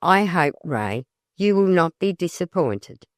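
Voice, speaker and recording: A lively, practical young college woman from an old storybook, brisk and friendly, read lightly by the narrator. Her lines come slowly and dry, close to the narrator's own even voice. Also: medium pitch, dry recording.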